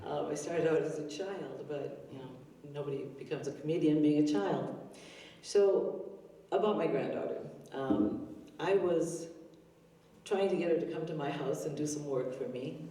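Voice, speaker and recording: Older woman, open mic storyteller, chatty, full of ums, mellow, echoey distant hall. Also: low voice, normal speed. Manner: chatty, self-deprecating, many fillers. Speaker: stand-up comedian. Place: arts center stage, live audience. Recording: roomy hall heard from a distance.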